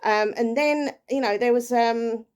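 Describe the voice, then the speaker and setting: A woman recapping a ghost hunt in a casual vlog, chatty and excitable, with lots of fillers and restarts. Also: fairly high pitch, measured pace, clear, resonant tone. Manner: earnest and excitable. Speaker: paranormal vlogger.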